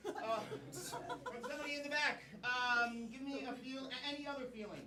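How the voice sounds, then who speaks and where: A man hosts a live improv comedy show in a small theater and calls out to the audience for suggestions, staying upbeat the whole time. His voice sits very high. He is heard from a distance, with a crowd laughing around him. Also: lively intonation, normal speed. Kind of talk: live emcee patter.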